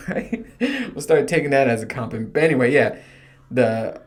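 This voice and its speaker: A man in his thirties talks through a loose solo podcast at a mid-range pitch. He rambles and swears freely, and he pokes fun at himself as he goes. His delivery is casual and unscripted. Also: normal speed, a little hiss or hum. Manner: rambling, profane, self-mocking. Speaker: podcast host. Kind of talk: casual comedic monologue.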